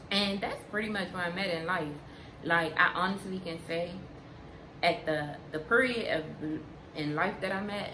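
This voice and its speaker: Slow, frank young woman in a roomy space. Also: on the low side. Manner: unhurried, frank, repeats points for emphasis. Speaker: vlogger. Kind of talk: candid casual chat to camera. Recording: roomy sound with steady background noise.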